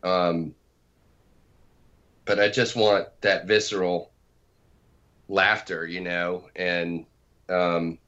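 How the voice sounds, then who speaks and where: A man's voice: deep voice, level tone, extremely slow, long pauses, a bit bright, lo-fi sound. A man chatting casually as a guest, laughing easily and joking about himself. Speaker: co-creator and podcast guest. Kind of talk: casual conversation.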